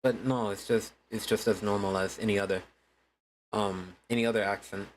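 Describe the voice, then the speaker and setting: A man's voice: fairly low pitch, little pitch movement, moderate pace, slight background noise, low-quality recording. A man chatting casually to his viewers during a game stream, laid-back and swearing freely. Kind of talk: casual gaming stream chat.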